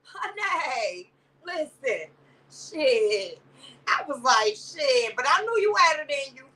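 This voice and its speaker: This livestream commentary host is a woman who rambles and swears casually, greets chatters by name, calls them baby and sister, and keeps tossing in "or whatever." She speaks slowly in a high, bright, forceful voice that swings widely in pitch. The audio is poor and captured from a distance.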